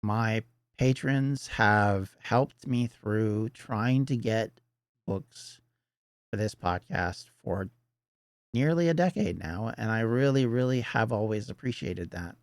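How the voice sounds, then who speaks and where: A man's voice: lowish voice, takes it slowly, dry recording. A middle-aged Canadian man hosting a podcast, talking earnestly in a rambling solo monologue full of restarts. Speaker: podcast host.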